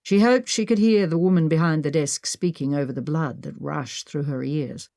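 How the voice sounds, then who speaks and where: A woman narrating a mystery audiobook with expressive storytelling. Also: low-pitched, moderate pace, creaky, no echo, clean studio sound. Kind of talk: scripted narration.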